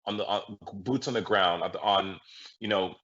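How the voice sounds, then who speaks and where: A male guest commentator on a political talk show, speaking in an impassioned, halting way with many restarts. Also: on the low side, a bit bright. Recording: muffled lo-fi audio.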